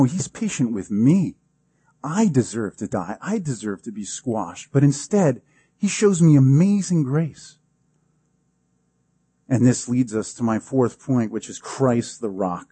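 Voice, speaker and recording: A man's voice: mid-range voice, dark tone, slightly rough, dry recording. A pastor preaching a sermon in a conversational, emphatic way, acting out the quotes he gives.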